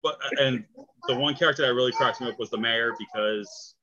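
A man's voice: medium pitch, a little fast, a crowd in the background. A man interviewing a filmmaker in a casual chat, enthusiastic and laughing often. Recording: dull lo-fi audio.

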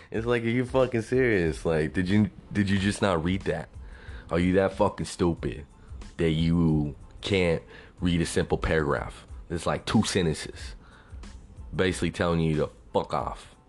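A man's voice: low-pitched, fairly even intonation, unhurried, soft background music. A young man from Texas, ranting bluntly and profanely in a casual venting monologue. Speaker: vlogger.

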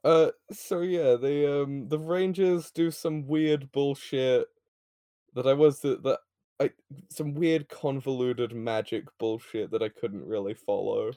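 A man's voice: medium pitch, fairly even intonation, unhurried, mellow, dry recording, studio quality. A man co-hosting a podcast, recapping a TV episode in a laid-back, profane, giggly way. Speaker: podcast co-host. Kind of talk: casual recap chat.

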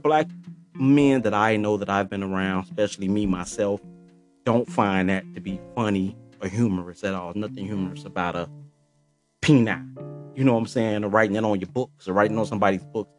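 A man in his forties hosting a podcast, talking loosely in a casual monologue with lots of slang and filler phrases. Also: fairly low pitch. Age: 40s. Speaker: podcast host.

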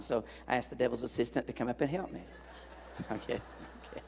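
A man's voice: medium pitch, brisk, gravelly, big-room sound. A middle-aged male evangelist preaching a sermon in a church, telling folksy stories and joking with the congregation. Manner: folksy, animated, jokes with the congregation. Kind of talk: sermon with storytelling.

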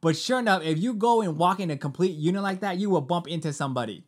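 A podcast co-host in his thirties launches into animated, emphatic rants during casual chat, swearing often. His voice is high and fast.

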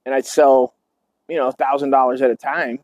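A man's voice: medium pitch, flat delivery, brisk, no room sound, lo-fi sound. A man in his forties hosting a podcast, telling stories casually in a profane, rambling way and tossing in "dude" and "man". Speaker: podcast host. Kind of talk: casual storytelling.

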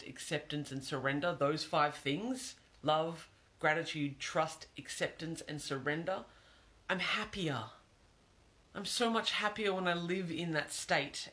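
A man's voice: a little high, bright, forceful tone. A man giving an earnest, reflective monologue, repeating phrases for emphasis.

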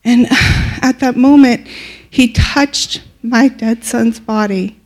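A woman playing a slow, grieving widow. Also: fairly high pitch, fairly even intonation. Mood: sorrowful. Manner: slow, sorrowful storytelling. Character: grieving widow who lost her only son. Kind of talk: first-person dramatic monologue.

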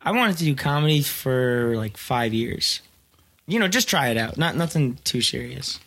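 A man's voice: medium pitch, expressive, normal speed, gravelly, fairly bright tone. Young man, casual guest, dry jokes. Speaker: podcast guest. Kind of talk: casual chat.

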